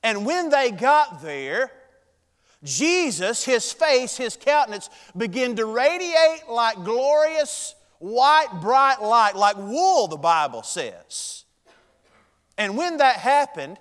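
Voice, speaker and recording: A male pastor, preaching a sermon with dramatic swings in loudness and pace. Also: extremely high pitch, very animated, slow, long reverb tail.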